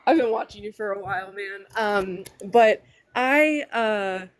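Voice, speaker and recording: A woman's voice: medium pitch, a little slow. A woman in her thirties calling into a live stream, asking her question hesitantly with many fillers. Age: 30s. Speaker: caller.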